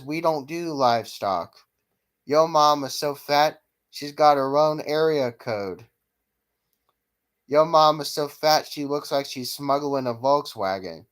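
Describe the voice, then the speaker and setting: A man vlogger reading jokes aloud from a list at a steady pace, stumbling now and then. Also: medium pitch.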